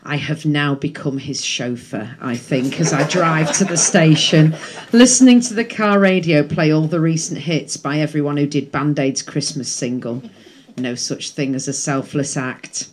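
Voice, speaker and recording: A woman's voice: low voice, normal speed, a crowd in the background. A woman reading a memoir excerpt aloud at a bookshop event, with chatty asides between passages. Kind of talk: reading a book excerpt to a live audience. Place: bookshop event before an audience.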